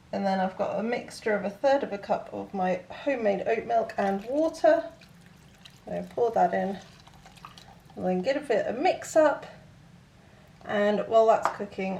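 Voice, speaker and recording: A young woman vlogger chats casually in her home kitchen while filming a relaxed day-in-the-life video. She rambles with frequent ums and little laughs, her mid-range voice showing vocal fry.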